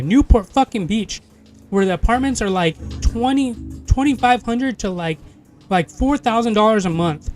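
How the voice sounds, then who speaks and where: Gaming host, male, high voice, heated profane rant, light music bed. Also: animated, moderate pace. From California. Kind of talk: casual rant while streaming a game.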